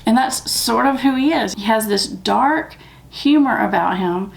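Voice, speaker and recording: A woman's voice: fairly high pitch, measured pace, creaky. A woman with a Southern US accent, hosting a recovery channel and talking candidly and emphatically to the camera. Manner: candid, plain-spoken, emphatic. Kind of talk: casual talk to camera.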